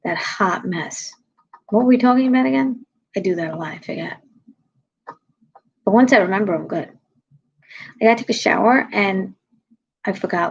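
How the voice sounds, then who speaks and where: Blunt, sarcastic woman with a husky voice. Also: highs cut off. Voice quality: low, husky. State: tired. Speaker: comedian live-streaming. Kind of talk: casual rant to viewers.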